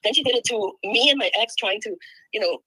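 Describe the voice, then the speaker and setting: An older woman with grandchildren, venting rapidly and aggrieved in a casual call. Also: a little high, sharp tone, breathy edge, dry recording, poor audio. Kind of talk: casual chat.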